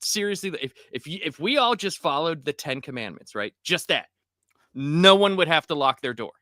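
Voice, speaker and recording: A man from West Virginia chatting casually on a podcast, telling stories in an animated way and swearing freely. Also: fairly high pitch, moderate pace, dry recording, clean studio sound. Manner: profane, animated storyteller. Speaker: podcast co-host. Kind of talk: casual chat.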